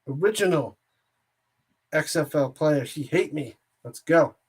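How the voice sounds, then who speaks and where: An excitable man calls a football game play by play for a watch-party stream. He is loose and joking, drifting into asides between snaps and shouting when a big play lands. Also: a little high, measured pace, husky. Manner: jokey and excitable, rambles between plays. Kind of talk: casual play-by-play commentary.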